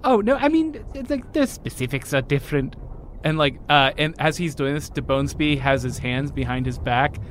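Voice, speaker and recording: A man's voice: mid-range voice, expressive, moderate pace, a bit bright, a little hiss or hum. A man playing a tabletop game in character, polite, earnest and inquisitive. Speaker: player.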